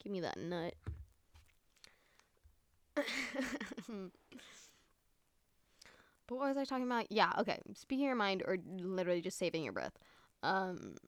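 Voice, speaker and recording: A woman's voice: medium pitch, very animated, a little slow, pauses often, no echo. A young woman hosting a casual solo podcast at home, rambling through her thoughts with lots of fillers and casual swearing. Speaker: podcast host. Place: room at home with window open.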